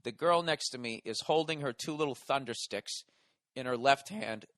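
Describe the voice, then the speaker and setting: Hoarse man ranting profanely. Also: medium pitch, moderate pace, fairly bright tone, dry recording, studio quality. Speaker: podcast host. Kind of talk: comedic rant.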